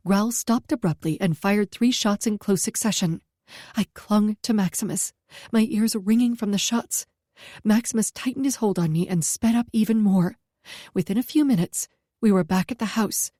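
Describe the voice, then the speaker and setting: A woman reading a first-person story aloud at a steady pace, close to the mic. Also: medium pitch, no room sound. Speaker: audiobook narrator.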